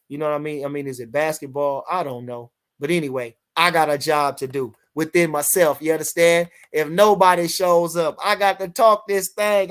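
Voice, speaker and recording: Rambling older man, fairly high voice. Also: clean tone. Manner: rambling, many fillers, reads out chat comments. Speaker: podcast host. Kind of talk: casual live-stream talk.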